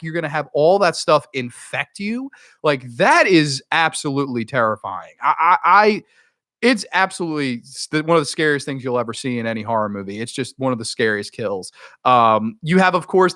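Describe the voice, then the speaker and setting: A man giving a casual, excitable review of a horror film, with profanity and rambling asides. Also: on the high side, dry recording, studio quality.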